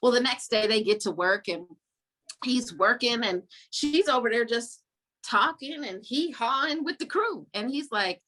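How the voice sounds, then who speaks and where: Bright-voiced woman, animated storyteller. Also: a little high, a little slow. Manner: animated storytelling, voicing characters' lines; laughs often, frank and slangy. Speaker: podcast host. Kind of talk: casual book-club chat.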